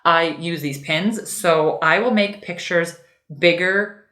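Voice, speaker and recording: A young woman talks her way through a home craft project in a loose, chatty, easily distracted way. Her voice sits a little low, and the room around her rings with echo, as if caught on a camera mic. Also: slow pace, pushed and bright. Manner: rambling, easily sidetracked, talks to her cat in a high baby voice. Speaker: lifestyle vlogger. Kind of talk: casual chatty craft tutorial.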